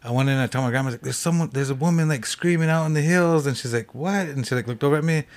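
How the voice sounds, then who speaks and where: Fast-talking man telling ghost stories. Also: mid-range voice. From Cheyenne reservation, United States. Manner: rambling, many "like" fillers and restarts. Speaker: podcast guest. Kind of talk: casual storytelling.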